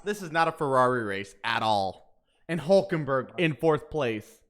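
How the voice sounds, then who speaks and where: A man hosting a casual race watch-along stream, talking excitably and swearing now and then. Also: mid-range voice, moderate pace. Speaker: livestream host.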